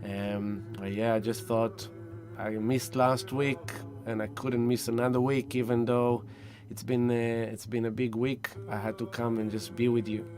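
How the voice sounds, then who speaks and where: A man hosting a spiritual live stream, greeting viewers one by one with effusive, gentle warmth. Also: medium pitch, little pitch movement, faint music behind. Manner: warm effusive greetings, slow and soft-spoken. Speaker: spiritual livestream host.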